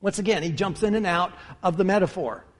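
A man's voice: sits high, fairly quick. A man preaching a sermon with emphasis, addressing his listeners as brothers and sisters. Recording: long hall reverb.

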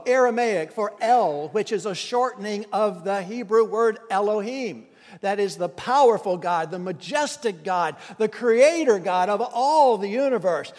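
A man preaching a sermon, swinging from hushed, slow lines to loud, impassioned crying out. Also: high voice, animated. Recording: long reverb of a hall.

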